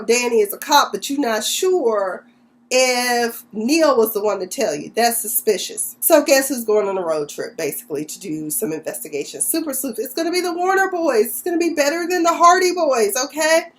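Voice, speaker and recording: A woman with a somewhat high-pitched voice talks through a TV episode in a casual vlog recap. Her retelling is chatty and slangy, peppered with sassy asides about the characters. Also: lively intonation, brisk. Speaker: TV recap vlogger.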